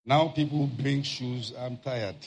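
A man preaching, telling a personal story in an animated way and acting out shouted outbursts. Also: medium pitch, slow pace, vocal fry.

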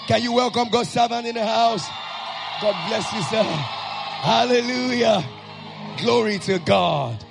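Male preacher, sermon, gravelly, high-pitched, call-and-response, shouting and chanting. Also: slow pace, over music.

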